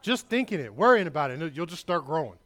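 A male pastor preaching a sermon, emphatic and loud, with asides to the congregation. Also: fairly high pitch, big pitch swings, fast.

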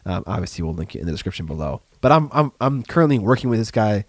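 A man's voice: lowish voice, very animated, fast, dry recording. A man co-hosting a hobby podcast, chatting casually and joking, often trailing off into fillers. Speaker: podcast co-host. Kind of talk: casual chat.

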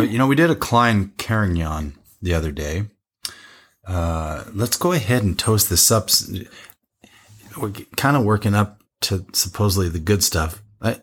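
Host, male, low-pitched, rambling casual wine-tasting chat. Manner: rambling, self-interrupting.

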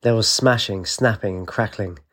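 A man, narrating an audiobook with steady storytelling. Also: fairly low pitch, normal speed.

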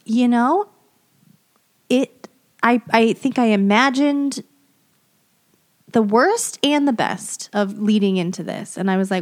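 An easygoing woman in her thirties co-hosts a casual podcast. She chats in a relaxed way and adds dry, self-mocking humor. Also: fairly high pitch, slow pace, pauses often. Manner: relaxed, chatty, wry humor. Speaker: podcast co-host. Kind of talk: casual chat.

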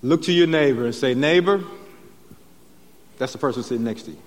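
A man's voice: medium pitch, brisk, slight background noise. Male pastor, chatty sermon delivery, tags lines with "right?", long church reverb. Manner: conversational preaching with frequent "right?" tags. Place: church sanctuary.

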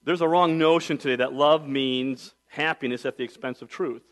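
A middle-aged male pastor preaching a sermon, telling a personal story in a conversational way, with big swings from soft to loud. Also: medium pitch, fairly even intonation, normal speed.

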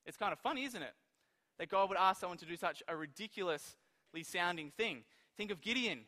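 A man preaching a sermon, telling stories in an animated way and acting out the quoted lines. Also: high-pitched, moderate pace, long reverb tail.

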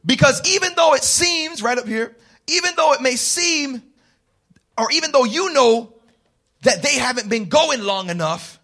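A man preaching a sermon, calling on the congregation to answer and rising into shouted, passionate passages. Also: very high voice, expressive, normal speed. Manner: call-and-response with the congregation. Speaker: pastor.

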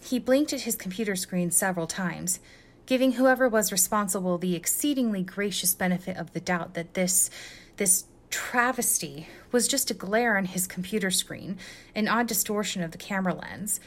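Woman reading a story, expressive. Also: medium pitch, moderate pace. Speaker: guest reader. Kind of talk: reading fan fiction aloud.

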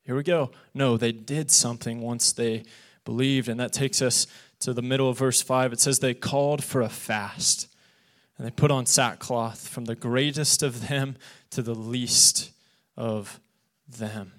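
A young man, a youth pastor, preaching an earnest, animated sermon and acting out the voices he quotes. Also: mid-range voice, measured pace. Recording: podcast of a live church sermon.

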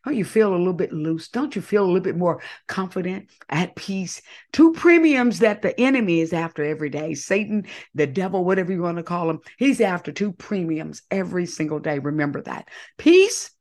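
A woman's voice: on the low side, very animated, a little fast, a little mellow. A woman hosting an inspirational faith talk, coaxing listeners to repeat affirmations after her in call-and-response. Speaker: podcast host.

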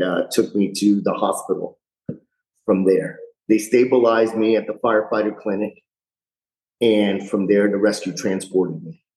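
Firefighter guest in a roomy-sounding room. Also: male voice, fairly low pitch, darkish tone. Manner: candid, chatty retelling with frequent "you know". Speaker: fire rescue lieutenant guest. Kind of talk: podcast interview, storytelling. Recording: roomy echo.

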